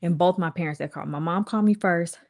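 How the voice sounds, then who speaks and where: A woman with a fairly low voice chats candidly to her livestream viewers. She rambles through asides and quotes other people, speaking. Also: quick pace, a little mellow. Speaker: vlogger and livestream host. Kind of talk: casual chat to viewers.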